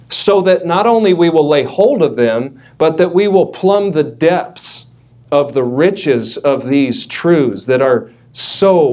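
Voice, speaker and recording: A man's voice: fairly high pitch, a little mellow. A man preaching a sermon as pastor, emphatic, leaning on repeated words, with light joking asides.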